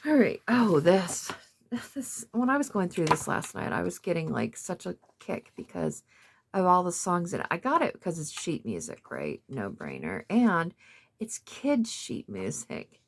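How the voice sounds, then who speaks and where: A woman's voice: lowish voice, huge pitch swings, a little slow, creaky, husky. A woman in her fifties chatting casually about a craft haul, rambling with lots of fillers. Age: 50s. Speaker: craft vlogger. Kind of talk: casual show-and-tell of a thrift haul.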